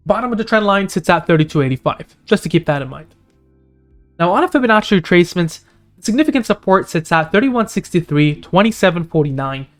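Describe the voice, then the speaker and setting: Man reading out stock chart levels. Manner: rapid figures and indicator names, pitch jumping up on key points. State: losing his voice. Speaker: stock analysis channel host. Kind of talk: screen-share chart walkthrough.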